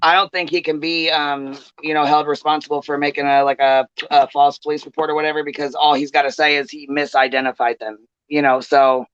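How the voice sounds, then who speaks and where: A man on a casual livestream panel, folksy and quick to apologize. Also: a little high, little pitch movement, a bit bright, clear, resonant tone, dry recording. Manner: apologetic, folksy, says "honey". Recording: dull, lo-fi call audio.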